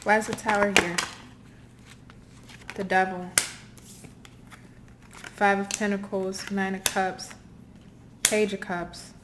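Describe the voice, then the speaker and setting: A woman's voice: mid-range voice, flat delivery, slow, long pauses, background noise. A woman giving a heartfelt tarot reading, earnest and apologetic, circling back to repeat her phrases. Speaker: tarot reader. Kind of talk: intuitive tarot reading to camera.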